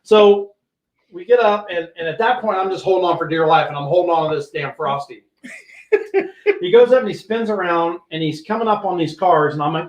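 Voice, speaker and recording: An older man, a retired police sergeant, hosting a podcast and telling an animated, profane story that acts out what people said. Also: sits high, fairly quick, reverberant, rough recording. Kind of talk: casual storytelling.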